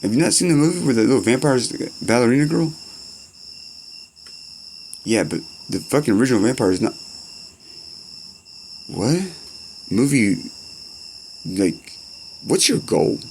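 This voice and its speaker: A man's voice: mid-range voice, animated, unhurried, pauses often, darkish tone, a little hiss or hum. A young man in rambling, profane comedy-skit banter, full of slang and back-and-forth.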